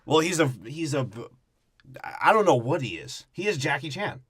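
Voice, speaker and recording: A man's voice: very animated, normal speed, a bit bright, breathy edge, no echo. Profane man joking in a dry room. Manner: profane, mocking, does low mumbled impressions. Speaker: podcast co-host. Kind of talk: crude casual movie-review chat.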